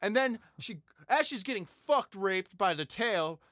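A man's voice: high-pitched, expressive, a little slow, fairly bright tone, no echo, studio quality. A young man casually retelling a movie plot, rambling and profane, acting out the characters as he goes. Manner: rambling, profane, acts out characters mid-story. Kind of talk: casual crude movie recap.

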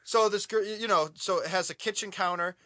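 Profane, animated young man reviewing a movie. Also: sits high, fairly quick. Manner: profane, animated storytelling, acts out yelling at the screen. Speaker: podcast co-host. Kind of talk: casual movie review chat.

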